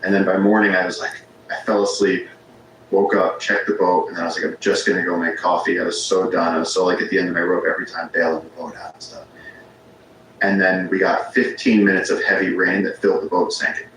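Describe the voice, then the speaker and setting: A man's voice: deep voice, little pitch movement, fast, a bit bright. A man, a podcast guest, telling rambling stories in casual conversation, often restarting his sentences. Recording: very echoey room with faint ambience noise.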